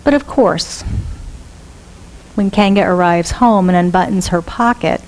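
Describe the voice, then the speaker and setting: A woman minister giving a storytelling sermon, lively and asking the congregation questions. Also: on the low side, unhurried, slight background noise. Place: church.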